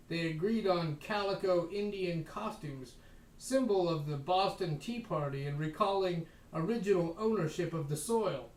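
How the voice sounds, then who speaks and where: A man with a high voice reads history aloud in a measured way, slowing on key phrases and adding dry asides of his own. He sits some way back from the microphone. The room is echoey. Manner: measured reading, slows for emphasis, adds wry asides. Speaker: podcast host reading history aloud. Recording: echoey room, voice distant from mic.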